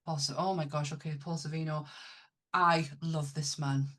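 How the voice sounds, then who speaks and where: Chatty, enthusiastic low-voiced woman. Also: fairly even intonation, normal speed. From Northern England. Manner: chatty, enthusiastic, lots of restarts. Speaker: podcast co-host. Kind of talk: casual chat.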